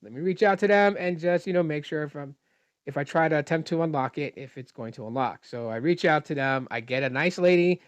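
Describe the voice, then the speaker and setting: A man's voice: fairly high pitch, fairly quick, no room sound, muffled recording. A man telling a frustrated storytime rant about a customer service call, retelling the dialogue and explaining technical details at length. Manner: exasperated, retells dialogue in his own voice. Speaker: dissatisfied phone customer recounting a call. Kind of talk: casual ranting storytime.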